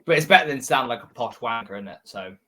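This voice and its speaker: A man's voice: mid-range voice, expressive, fast, a bit bright, slight background noise. A man in his twenties with a West Country accent, chatting casually as co-host of a football podcast with plenty of fillers. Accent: West Country English. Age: 20s.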